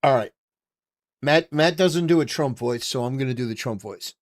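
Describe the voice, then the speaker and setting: A man hosting a political livestream who comments in an excitable, exclamatory way and repeats his phrases for emphasis. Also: mid-range voice, normal speed. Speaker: livestream host.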